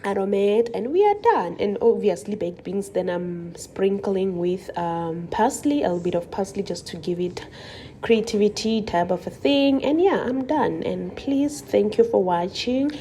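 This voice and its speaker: A woman's voice: medium pitch, animated, measured pace, dark tone, slight background noise. A young South African woman hosting a cooking vlog, chatting playfully to viewers with rambling asides as she cooks. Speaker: cooking channel host. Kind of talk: casual cooking vlog narration.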